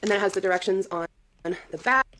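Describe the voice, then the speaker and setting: A woman's voice: mid-range voice, fast talker, fairly bright tone, a little hiss or hum. A woman narrating a casual home vlog in an upbeat, gushing, chatty way. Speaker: lifestyle vlogger.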